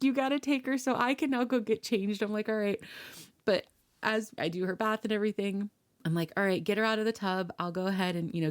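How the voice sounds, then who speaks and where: A young woman co-hosting a podcast, telling a family story in casual chat, laughing often and acting out what people said. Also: medium pitch. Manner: laughing storytelling, acts out dialogue. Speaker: podcast co-host.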